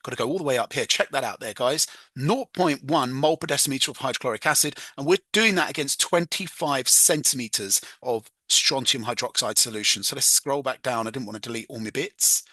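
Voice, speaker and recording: A chatty man walks through a chemistry exam question in a casual tutoring voice, teasing himself over slips and humming as he writes. His voice is bright and forward. It is recorded close and dry, with no room sound. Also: mid-range voice, a little fast, few pauses, no room sound. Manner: chatty, self-mocking, hums "da da" while working.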